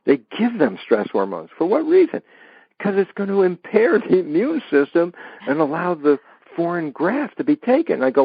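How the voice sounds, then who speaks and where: A man being interviewed, explaining ideas with lively stories and acted-out dialogues. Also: a little high, normal speed, creaky, slightly rough, dry recording, highs cut off. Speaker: interview guest. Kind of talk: animated explanatory interview talk.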